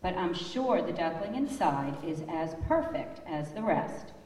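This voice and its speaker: A woman voicing a gentle mother duck, read calmly and reassuringly in a storybook voice. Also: lowish voice, unhurried. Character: calm kind mother duck. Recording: echoey church hall, far off.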